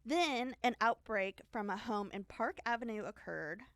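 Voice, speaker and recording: A woman's voice: a little high, expressive, unhurried, a bit bright, dry recording, clean studio sound. A woman hosting a podcast, telling a story in a casual, rambling way, with many fillers and giggles.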